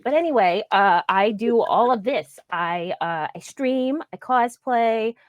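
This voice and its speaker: A bubbly cartoon villainess chirps away in a pushed-up, squeaky register, as a woman puts her on. Her pitch swoops and leaps with every line, and she curses cheerfully as she rambles through a stream outro. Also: lively intonation, unhurried, dry recording, highs cut off. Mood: chipper. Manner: pushes voice high, chipper, cursing. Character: bubbly high-voiced female cartoon villainess.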